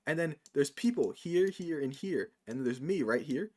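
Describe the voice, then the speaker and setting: A man from New rants in casual stream chat, saying "like" constantly. His voice sits a little high and moves in a lively way. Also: moderate pace. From New York. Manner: animated ranting, says "like" a lot, laughs often.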